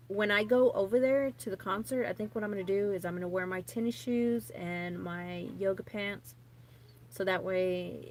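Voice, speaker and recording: A woman's voice: mid-range voice, a little hiss or hum. A woman in her thirties, a vlogger, rambling chattily and nervously to camera with many fillers and restarts. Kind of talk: casual rambling chat to camera.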